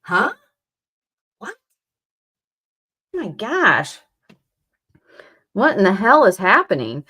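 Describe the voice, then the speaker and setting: Slow, exasperated woman livestreaming. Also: mid-range voice, big pitch swings, sharp tone. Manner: exasperated, rambling, many "like"s and restarts. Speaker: livestream host. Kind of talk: casual livestream chat, reading chat.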